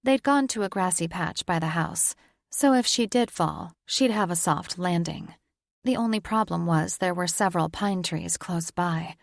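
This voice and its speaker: A woman narrating a fantasy romance audiobook in an even, measured way. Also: fairly low pitch, gravelly, no room sound, clean studio sound. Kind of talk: scripted narration.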